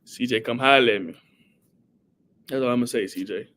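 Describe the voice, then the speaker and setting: A man hosting a casual live stream, reading viewer comments aloud and giving shout-outs in an animated way. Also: mid-range voice, a little fast.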